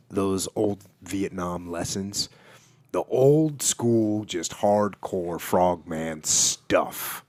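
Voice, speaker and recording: A man with a very deep voice, recorded close and dry, speaks in a measured, emphatic way. He drops dry jokes between his slow, deliberate points. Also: no echo. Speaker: podcast host. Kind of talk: casual conversation.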